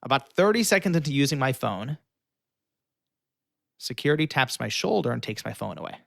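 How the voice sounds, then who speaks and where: Young guy telling a story on a podcast, really animated, acts out the lines, dry close mic. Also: medium pitch, brisk, gravelly, dry recording. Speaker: guest. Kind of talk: storytelling in an interview.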